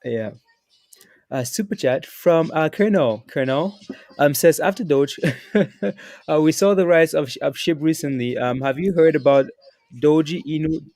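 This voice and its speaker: A man hosting a casual livestream and reading out viewer super chats. He laughs easily and trips over repeated words. His slightly high voice sounds close and dry. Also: normal speed, a little mellow, dry recording.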